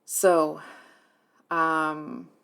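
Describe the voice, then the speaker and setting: A woman giving a tarot reading to her viewers, speaking softly and hesitantly, earnest and emotionally moved, with many fillers and restarts. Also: low-pitched, level tone, drawn-out words, gravelly, smooth. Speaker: tarot reader.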